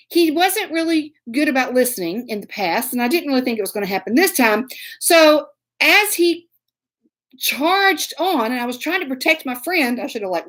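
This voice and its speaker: Animated woman telling comic stories. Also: high-pitched. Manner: animated, dramatic, acts out scenes with whispers and sound effects. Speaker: storyteller host. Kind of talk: comic storytelling.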